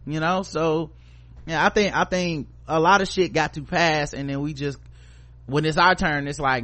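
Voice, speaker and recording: A podcast co-host whose voice sits a little high for a man offers blunt, profane, strongly opinionated commentary in loose, casual chat. He talks briskly with a sharp tone and fairly even intonation.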